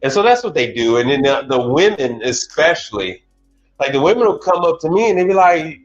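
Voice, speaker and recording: An appliance technician chats casually on a livestream in a sing-song voice that's on the high side and fairly quick. He's repetitive and keeps starting his sentences over. The audio is dull, with faint music behind him.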